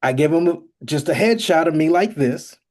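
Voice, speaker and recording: A man hosting a podcast in casual chat, telling stories in an animated way and joking dramatically. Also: fairly high pitch, normal speed. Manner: animated storyteller, jokes dramatically. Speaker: podcast host.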